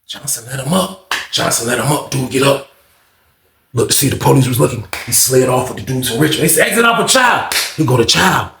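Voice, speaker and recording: A man hosting a casual storytime channel, telling a profane, animated prison story and mixing in vocal sound effects. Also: mid-range voice, fairly quick, creaky, reverberant.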